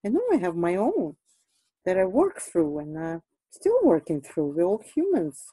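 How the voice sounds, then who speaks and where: A woman talks through an art lesson as she draws. Her voice is mellow and soft-edged, and the sound is close and dry with no room around it. She is chatty, laughs easily and often pauses on fillers. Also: mid-range voice, huge pitch swings, creaky, slightly rough, dry recording, low-quality recording. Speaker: art instructor. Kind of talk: casual teaching while drawing.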